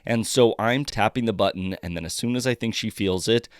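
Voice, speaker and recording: A young man, a dog trainer, giving a casual, hands-on lesson with brisk explanations. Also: on the low side. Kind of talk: casual instructional talk. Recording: roomy echo.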